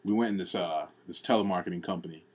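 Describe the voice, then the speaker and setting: A man's voice: low-pitched, fast. A young man co-hosting a podcast, telling a story in casual chat, swearing and acting out the quotes. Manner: swearing, animated storyteller who acts out quotes. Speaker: podcast co-host.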